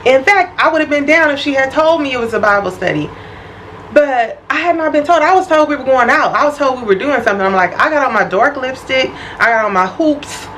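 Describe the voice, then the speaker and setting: A young woman vlogger telling a personal story in an animated, expressive, casual way. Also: high voice, a little fast, slight background noise, rough recording. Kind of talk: storytime vlog.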